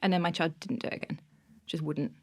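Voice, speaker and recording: A woman's voice: sits low, steady tone, fast, darkish tone. A woman, a podcast guest, telling funny self-mocking stories in a casual interview, often breaking into laughter.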